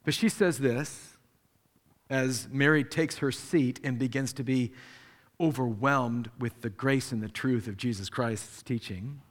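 A man preaching a sermon as pastor, animated, acting out the people he quotes with sudden jumps in pitch. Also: unhurried. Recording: long hall reverb.

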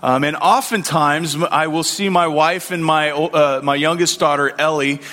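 A man's voice: fairly high pitch, fairly even intonation, normal speed, pushed and bright. A man in his forties preaching a sermon in a church, praying and telling stories in a conversational way, with many fillers and repeated words. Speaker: pastor. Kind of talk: sermon with prayer and anecdotes. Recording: long hall reverb.

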